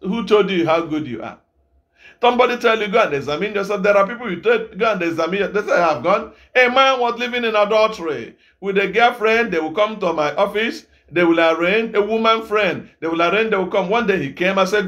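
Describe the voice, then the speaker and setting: A man from Nigeria, an evangelist preaching a sermon, scolding his listeners with rhetorical questions and now and then breaking into shouts. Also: high-pitched, a little fast.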